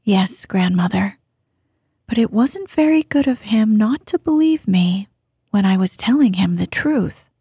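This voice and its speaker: A woman voicing an eager, earnest young princess girl in a storybook reading, with a soft breathy voice. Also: medium pitch, animated, measured pace, dry recording, clean studio sound, heavily acted. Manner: earnest, insistent questioning.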